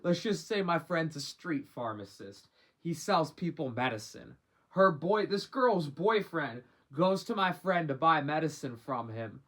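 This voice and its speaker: A man's voice: on the high side, very animated, measured pace, a bit bright. A young man telling a rambling, slang-heavy story from his own life in a casual storytime monologue, cursing freely as he goes. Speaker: vlogger.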